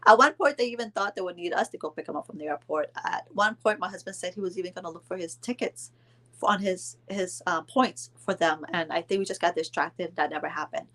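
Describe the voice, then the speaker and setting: A woman's voice: on the low side, fairly quick, a bit bright. A middle-aged woman telling a story to camera, retelling a family feud with indignant quoted dialogue and mild cursing. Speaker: storyteller vlogger. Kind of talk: casual storytime vlog.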